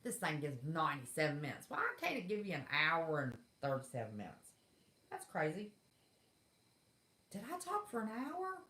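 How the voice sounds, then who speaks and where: A woman's voice: low voice, huge pitch swings, normal speed, fairly bright tone. A middle-aged woman, hosting a casual livestream chat in a blunt, folksy, exasperated way. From West Virginia. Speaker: livestream host. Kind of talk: casual live chat rant. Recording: echoey room.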